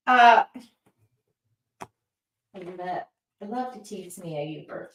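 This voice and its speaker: A woman's voice: on the low side, lively intonation, slow pace, pauses often, recorded from a distance. A woman hosting a live art demo, chatting casually and reading viewer comments aloud as she paints. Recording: roomy sound, voice somewhat off-mic.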